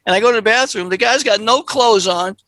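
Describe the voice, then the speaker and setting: A man co-hosting a comedy podcast, telling a funny story in an animated way and acting out the people in it. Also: high voice, brisk, no echo. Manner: animated, jumps into voices for characters. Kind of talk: comic storytelling.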